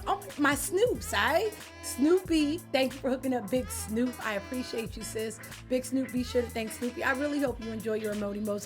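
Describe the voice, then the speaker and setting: A young woman with a high voice chats with her stream audience in a loose, slangy, lively way, greeting viewers by name between stories. Faint music plays softly behind her. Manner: animated, slangy, talks to chat by name. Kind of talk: casual chat with viewers.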